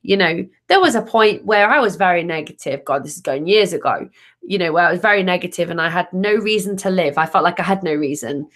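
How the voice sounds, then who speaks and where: A woman's voice: on the low side, lively intonation, brisk, fairly bright tone. A woman tarot reader hosting a casual live stream, upbeat and chatty, restarting sentences as she answers viewer comments.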